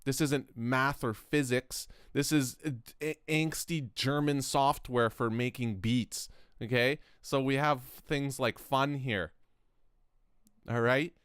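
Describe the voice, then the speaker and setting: A man's voice: medium pitch, steady tone, takes it slowly, fairly bright tone, smooth, no room sound, studio quality. A man from Canada hosting a music production channel, rambling and joking between stories in a casual vlog. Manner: rambling, self-interrupting, joking. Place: home studio.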